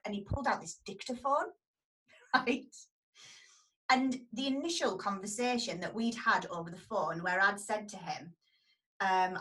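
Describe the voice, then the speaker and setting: A woman, telling a story about her dog grooming salon in a casual, animated way and acting out the people in it. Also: mid-range voice, normal speed, distant mic, rough recording.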